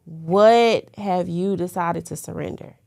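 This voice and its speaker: A woman's voice: fairly low pitch, slow pace, creaky, warm tone, dry recording. Casual young woman on a dry mic. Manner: casual, laughing asides, many fillers. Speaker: podcast co-host. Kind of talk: casual faith chat.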